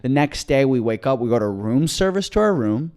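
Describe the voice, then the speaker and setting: A man co-hosting a podcast, telling a long story in an excited, rambling way, with many restarts. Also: medium pitch, fairly quick. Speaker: podcast co-host. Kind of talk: casual storytelling chat.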